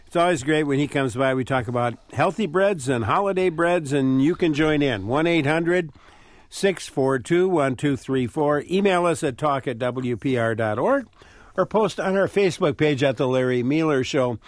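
A man hosting a public radio call-in show, relaxed and chatty, laughing easily. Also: a little high, normal speed, no echo. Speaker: radio talk show host. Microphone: studio microphone.

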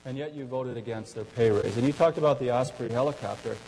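A man's voice: mid-range voice, fast, darkish tone, big-room sound, slight background noise, rough recording. A man pressing an opponent in a debate, listing charges one after another. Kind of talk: debate attack.

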